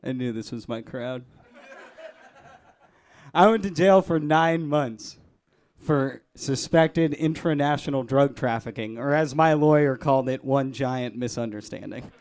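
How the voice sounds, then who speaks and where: A man doing a live stand-up set in a club, deadpan, chuckling at his own jokes. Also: medium pitch, unhurried. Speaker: stand-up comedian. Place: comedy club stage.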